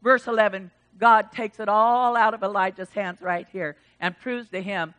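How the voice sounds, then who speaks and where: A woman preaching a sermon, animated, swinging from loud exclamations to hushed asides and acting out the voices of the people in her text. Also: medium pitch, normal speed, hardly any pauses. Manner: acts out quoted voices of God and Elijah.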